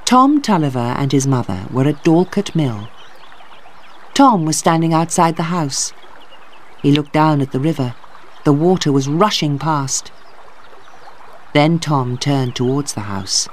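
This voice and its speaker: Slow, lilting storybook narrator. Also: mid-range voice, animated. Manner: slow, clearly paced storytelling. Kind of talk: slow graded-reader narration for learners.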